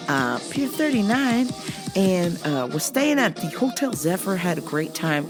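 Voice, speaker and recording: Animated, joking woman podcast host. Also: fairly low pitch, normal speed, over music. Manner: profane, joking storyteller who acts out sounds and voices. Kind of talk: casual comedic monologue.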